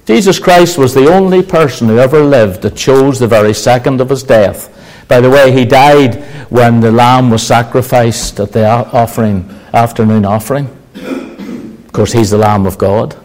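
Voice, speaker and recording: A man preaching a sermon, building to emphatic exclamations and slowing for stress. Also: mid-range voice, darkish tone, poor audio. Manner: emphatic, rising to exclamations, slow deliberate stress.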